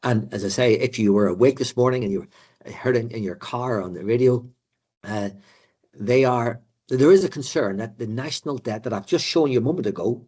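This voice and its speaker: A man's voice: medium pitch, darkish tone, husky. An older man giving a conversational economics talk to a room of finance professionals, with frequent fillers and repeated words. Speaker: economic adviser lecturing finance directors. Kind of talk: live presentation to an audience.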